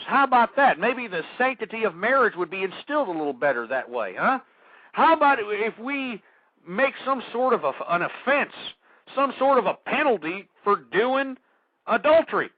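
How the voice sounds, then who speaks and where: A man hosts an internet talk radio show in an angry, preachy rant. His high voice keeps stumbling into repeated words as he works himself up. The sound is dry and dull, with a lo-fi, muffled tone. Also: very animated, moderate pace, no echo. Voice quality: stammering, repeats words when worked up. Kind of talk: ranting talk radio monologue.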